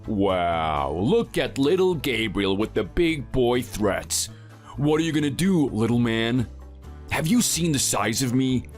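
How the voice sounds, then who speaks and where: A man's voice: medium pitch, normal speed, faint music behind, close to an everyday voice. A man voicing a boastful, muscle-bound bully who taunts his neighbor, read in a synthetic texting-story style. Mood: taunting. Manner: taunting, sneering. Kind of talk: text-to-speech texting story.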